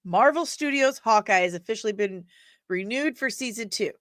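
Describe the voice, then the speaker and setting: A chatty woman hosts a live nerd news stream from home, bouncing between topics and talking straight to her viewers. Her voice sits at an everyday pitch, and it is recorded dry and close with no room sound. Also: normal speed, dry recording. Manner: chatty, animated, laughs often, talks to the chat. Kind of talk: casual live-stream chat.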